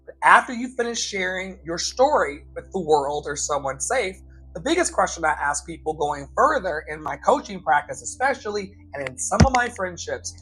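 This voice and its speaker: A man coaching his listeners in a live motivational talk, repeating key lines slowly for emphasis and calling them beloved. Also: high-pitched, big pitch swings, a bit bright, husky, faint music behind, poor audio. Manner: emphatic, slow repetitions for effect. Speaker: life coach and show host.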